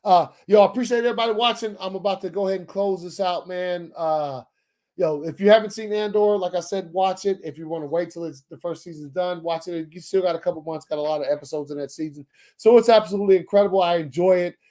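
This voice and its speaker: A man's voice: a little high, mellow. A man hosting a live-streamed show, talking loosely with lots of restarts and swearing. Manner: loose, profane, rambling with many restarts. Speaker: podcast host. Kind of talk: casual chat.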